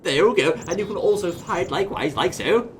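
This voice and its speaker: A man's voice: sits high, animated, fast talker, a little hiss or hum. Hammy mock-posh man. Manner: hammy mock-posh gentleman, "old chap" and "I say". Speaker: gameplay commentator. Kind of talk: comedic game commentary.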